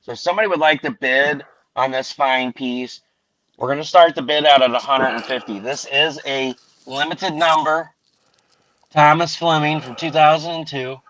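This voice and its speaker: A man hosting a casual panel show, telling profane stories and acting out prank calls in an animated way. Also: a little high, normal speed, no room sound, rough recording. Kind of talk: casual banter and charity auction.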